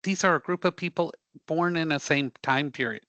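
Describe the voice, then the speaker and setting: A man teaching a live career prep class, animated and joking as he quizzes the students. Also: on the high side, normal speed, dry recording. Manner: animated, joking, audience-engaging.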